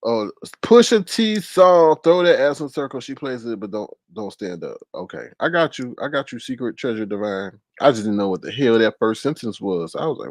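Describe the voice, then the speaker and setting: A man hosting a casual live-stream commentary, animated and laughing, with exaggerated high-pitched repeats of words. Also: normal speed, few pauses, no echo. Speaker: commentary channel host.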